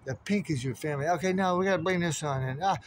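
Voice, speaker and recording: A man's voice: fairly high pitch, quick pace, a little hiss or hum. A man in a rambling monologue, muttering strings of numbers and codes to himself. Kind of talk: stream-of-consciousness monologue.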